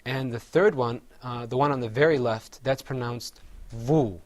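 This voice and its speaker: A man with a mid-range voice, speaking a little slowly, drills a class on Arabic letter sounds. Patiently, he pronounces each one and gets the group to repeat, describing how to position the mouth in careful steps.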